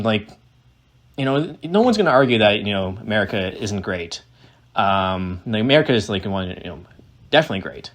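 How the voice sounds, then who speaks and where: A man's voice: on the low side, big pitch swings, fairly quick, fairly bright tone. A man giving casual reaction commentary on a political speech, ranting in a sarcastic, profane, exasperated way.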